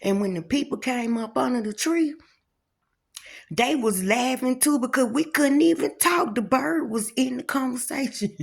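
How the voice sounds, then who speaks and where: A woman's voice: high voice, moderate pace, creaky, slightly rough. A woman vlogging in a chatty, folksy way, talking straight to her viewers about faith and everyday life. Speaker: spiritual vlogger. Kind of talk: casual talk to camera.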